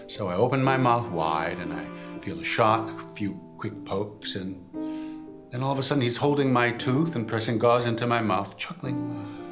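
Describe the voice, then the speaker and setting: An older actor playing a dying father who reminisces to his son, gentle and rueful, often chuckling softly as he tells stories. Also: on the low side, natural voice. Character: regretful dying father, wry storyteller. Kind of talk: film drama dialogue.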